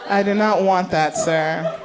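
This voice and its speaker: A woman's voice: lowish voice, fairly even intonation, unhurried. A woman comedian telling stand-up stories in a playful, exaggerated way.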